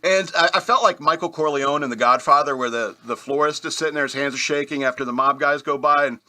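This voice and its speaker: A man hosting a radio show tells rambling personal stories, chuckling and poking fun at himself in a relaxed way. His voice is a little high, bright and forceful, and he talks fast.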